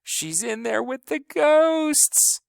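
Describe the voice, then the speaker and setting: A shrill, wailing little girl, as a man reading the story puts her on, pitched far above his own voice. She clings and cries in a storybook reading with a dry, close sound. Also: very animated, slow, a bit bright, clear, resonant tone, dry recording, full character voice. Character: small tearful young girl, clingy.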